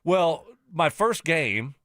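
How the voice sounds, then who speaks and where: A middle-aged former player with a Cajun accent, co-hosting sports radio. His voice is bright and lively in pitch, and his manner is easygoing and wry, with a firm edge when he disagrees. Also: slow pace, no echo, studio quality. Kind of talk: morning sports talk radio.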